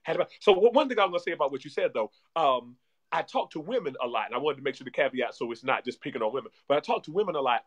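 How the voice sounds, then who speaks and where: A man speaking as a guest relationship coach in animated podcast talk, energetic and repeating himself like a preacher. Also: on the high side, rapid-fire.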